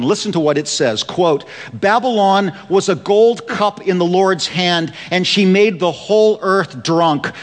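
A man preaching a sermon. He slows down and drops his voice low for emphasis. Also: big-room sound. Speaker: pastor.

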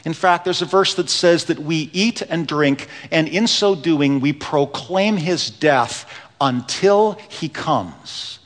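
A man preaching a sermon in a church, telling stories earnestly, dropping to a hush and then building with emphasis. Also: on the high side, slow. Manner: earnest storytelling preacher, swings between hushed and rising emphasis. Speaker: pastor. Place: church sanctuary. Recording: long reverb of a large hall.

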